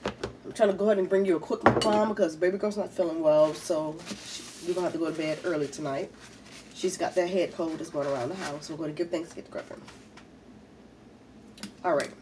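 Woman, casual mukbang chatter, slightly low voice, congested, distant mic, faint room noise. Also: steady tone, fairly quick. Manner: chatty, talks while eating. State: congested from a head cold. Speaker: mukbang vlogger.

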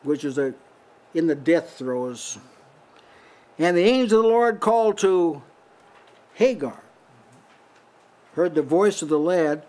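An older man leads Bible teaching at a small house church meeting. His voice sits high for a man, and he talks in a loose, conversational way. He chuckles often and lifts his voice noticeably whenever he quotes a line. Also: expressive, takes it slowly, pauses often, darkish tone. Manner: conversational, breaks into lifted voice for quoted lines, frequent short laughs. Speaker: preacher.

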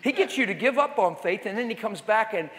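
A man preaching a sermon to a live audience, telling stories with lively acted-out voices and cries. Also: high voice, fairly quick. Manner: animated storytelling, acting out voices and wailing. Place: large hall with audience. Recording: long hall reverb.

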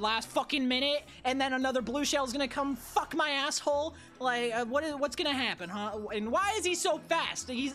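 A young woman streamer giving loud, profane, frustrated commentary while playing a racing game. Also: high voice. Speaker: gaming streamer. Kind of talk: live gameplay commentary. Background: faint game music.

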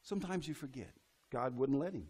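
A man's voice: medium pitch, expressive, brisk, a little mellow, breathy edge. A middle-aged man preaching a sermon in a church, folksy and acting out the voices he quotes. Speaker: pastor.

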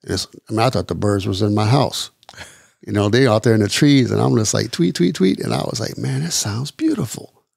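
A middle-aged man from the Midwest of the United States, telling his personal story as a podcast guest in an earnest, halting way, repeating words as he goes. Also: lowish voice, fairly even intonation, gravelly, a little mellow, no room sound, clean studio sound. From East Chicago, Indiana. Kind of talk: personal testimony interview.

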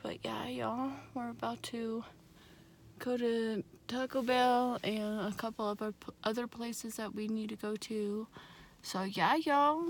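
A woman vlogging casually from a parked car, swearing freely and cooing softly to her dog. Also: on the high side, steady tone, slow. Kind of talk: casual vlog chat. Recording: car noise in the background.

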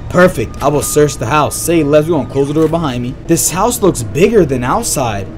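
A young man giving excitable, slang-heavy let's-play commentary on a horror game and reacting loudly to scares. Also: fairly high pitch, normal speed, soft background music. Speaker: gaming YouTuber.

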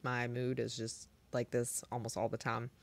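Deadpan low-voiced woman streamer. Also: moderate pace. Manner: flat, monotone, deadpan delivery. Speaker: music streamer. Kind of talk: casual chat with live chat.

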